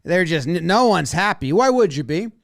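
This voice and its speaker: Brief: high, bouncy male sports analyst, dry close mic, playful. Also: very animated, fairly quick, vocal fry, no echo. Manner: playful, acting out the players. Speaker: baseball video analyst. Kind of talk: animated commentary over game footage.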